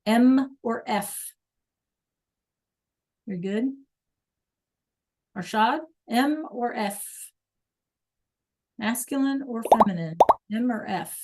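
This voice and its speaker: A woman's voice: fairly high pitch, expressive, extremely slow, pauses often, darkish tone. Woman teaching Spanish on a video call. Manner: patient, checks in with students often. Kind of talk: online class lesson.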